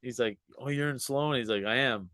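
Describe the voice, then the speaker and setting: A man's voice: medium pitch, brisk, a bit bright, no room sound. A man in his forties, a podcast guest telling a story in casual chat, swearing freely, laughing often and acting out what people said. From Canada. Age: 40s.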